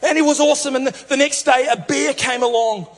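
A man preaching, retelling a story in a playful, animated way with many restarts. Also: very high-pitched, fairly quick. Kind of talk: humorous sermon storytelling. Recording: reverberant hall, faint music.

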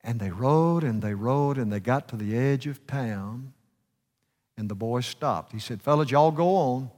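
In a reverberant church sanctuary, a male guest preacher with a medium-pitched, slightly mellow voice speaks at a measured pace. His sermon is fervent and includes a story, with his voice rising and falling to drive points home.

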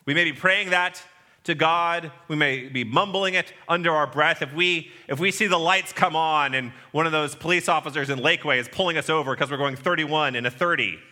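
A man preaching in a church, his voice very bright and clear over a long hall reverb. He delivers his sermon with humor, acting out the voices he quotes. His pitch sits a little high for a man. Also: fairly quick. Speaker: pastor. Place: church sanctuary.

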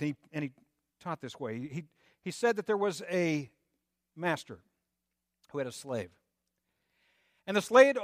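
Pastor type, male, lively sermon delivery with rhetorical questions; close, dry recording. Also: a little high, no room sound. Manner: animated preaching with rising emphasis and rhetorical questions.

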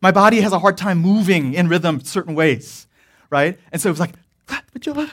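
A man's voice: high-pitched, brisk, fairly bright tone. A man preaching a sermon in a casual, rambling storytelling way, full of fillers and breaking into laughter. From Korean church background. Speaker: pastor.

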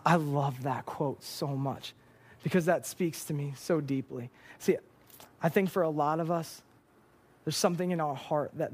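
A young man preaching a sermon from a church stage, earnest and emotional, often repeating words as he is moved. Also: fairly high pitch.

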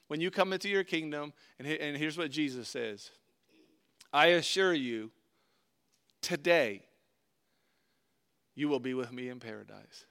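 A man's voice: on the high side, a bit bright, clear, resonant tone. A male preacher giving a sermon, reading scripture aloud and then explaining it in an earnest, conversational way.

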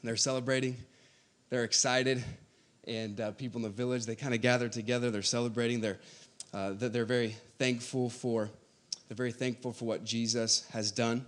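A man preaching a sermon, moving between quiet conversational teaching and loud, rising exhortation. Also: mid-range voice, flat delivery, normal speed.

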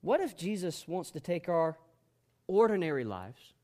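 A male pastor preaching a sermon with a loud, passionate delivery. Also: high voice, sing-song, a little slow.

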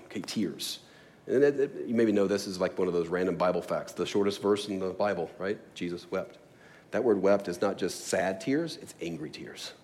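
A pastor preaches a sermon in a church sanctuary, his voice on the low side and a little mellow. He keeps things conversational, laughs readily, and builds toward emphatic passages.

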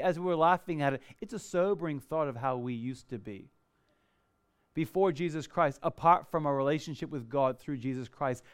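A man preaching a sermon, rising loud on the crowd's cries and dropping soft and slow when he asks the listeners to reflect. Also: on the high side, clear, resonant tone. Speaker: pastor.

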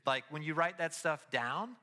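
A man giving a casual, animated sermon as pastor, telling stories with his voice rising as he gets excited. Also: on the high side, unhurried, big-room sound.

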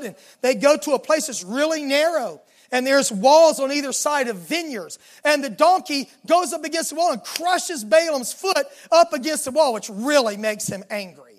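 High-voiced pastor telling a Bible story. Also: male voice. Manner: animated, retells scripture in lively casual words with quoted dialogue. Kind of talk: sermon storytelling.

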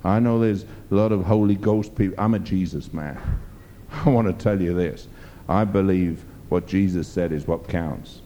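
Deep-voiced preacher, dark tone. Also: male voice, normal speed, slight background noise. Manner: emphatic, rambling storytelling with fillers. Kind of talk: sermon.

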